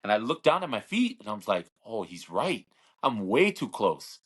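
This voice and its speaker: A man's voice: on the low side, very animated, moderate pace, fairly bright tone, husky. A man in his thirties telling a long story in a casual interview, rambling, repeating words and acting out what others said. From Hawaii. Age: 30s. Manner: rambling, repeats words, acts out quoted voices. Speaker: interview guest, slap fighter.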